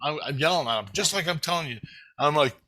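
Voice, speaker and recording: A middle-aged man telling a rambling childhood story in casual chat, swearing constantly and acting out his own shouted thoughts. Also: fairly high pitch, fast. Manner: animated, swears constantly, shouts quoted self-talk. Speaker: storyteller guest.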